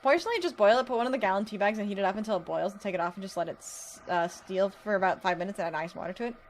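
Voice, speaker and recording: A woman's voice: medium pitch, racing. A young woman from the US Midwest streaming a game, chatting casually and reading chat aloud, drawling with a put-on southern twang. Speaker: VTuber streamer.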